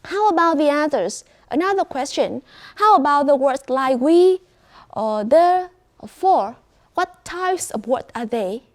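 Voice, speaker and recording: A woman with a Vietnamese accent teaching an English class, speaking slowly and clearly, praising and prompting students. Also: high-pitched, lively intonation.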